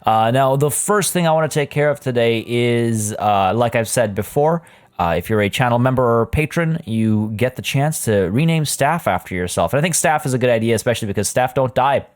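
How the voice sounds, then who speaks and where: A man's voice: medium pitch, lively intonation, fairly quick. Chatty male gaming commentator. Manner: chatty, rambling with frequent fillers. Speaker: gaming YouTuber. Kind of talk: casual let's play commentary.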